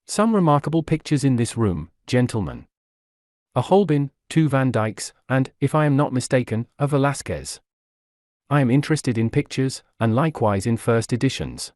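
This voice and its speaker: A man voicing a slow-drawling American gentleman, polite and genteel, with an American accent. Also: medium pitch, big pitch swings, no room sound, clean studio sound, natural voice. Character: slow-drawling American male art collector.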